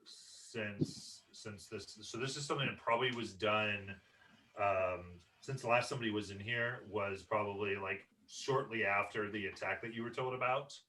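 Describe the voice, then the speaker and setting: A man narrating a tabletop game as game master, halting and full of ums and repeated words. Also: on the low side, pushed and bright, distant mic.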